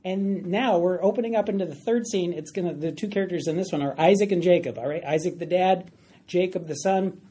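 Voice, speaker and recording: A woman teaching a Bible study class in a room with a board, talking in a lively, conversational way and putting questions to the class. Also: lowish voice, brisk, breathy edge.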